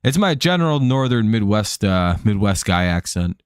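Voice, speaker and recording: A man hosting a live baseball watch-along, talking through the game in a chatty, joking way and swearing freely. His voice is low, smooth and resonant. It is recorded close and dry, with no room sound. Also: big pitch swings, moderate pace, no room sound. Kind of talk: casual live-stream game commentary.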